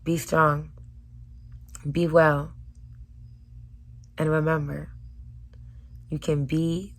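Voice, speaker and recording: Woman vlogger, low voice, hoarse, earnest, loud then hushed. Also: level tone, very slow, long pauses. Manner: earnest, swinging between loud urging and soft near-whispers. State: hoarse from screaming. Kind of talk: emotional personal vlog.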